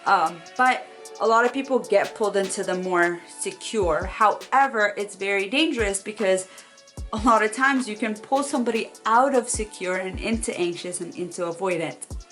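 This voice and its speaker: Animated young woman vlogging advice. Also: medium pitch, normal speed, soft background music. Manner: animated, acts out quoted voices. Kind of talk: casual advice talk to camera. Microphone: phone camera.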